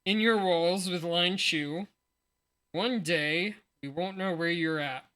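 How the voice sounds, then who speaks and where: A man in his forties chats casually on a livestream with a sleepy morning voice, thinking aloud and poking fun at himself. He talks slowly, drawing out his words in an easy, unhurried way. His tone is bright and sharp. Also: sits high. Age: 40s. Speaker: streamer. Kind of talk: casual livestream chat while unboxing cards.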